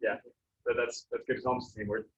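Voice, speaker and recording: A man's voice: medium pitch, level tone, fast talker, slight background noise. A man teaching a Spanish pronunciation lesson to a class, explaining casually with many fillers. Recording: echoey, distant, dull classroom recording.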